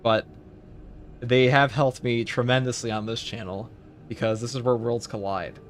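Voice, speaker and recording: A man's voice: medium pitch, steady tone, moderate pace. A man talks loosely over his gameplay, wandering from joke to joke with plenty of filler. A faint background hum sits under his voice. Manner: rambling, jokey, chatty with filler words. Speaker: streamer. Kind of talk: casual live-stream chat over gameplay.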